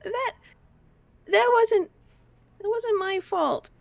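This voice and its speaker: A woman's voice: very high voice, extremely slow, gravelly, dry recording, voice pushed up, full character voice. A woman voicing a timid, guilty four-year-old girl who stammers and hesitates.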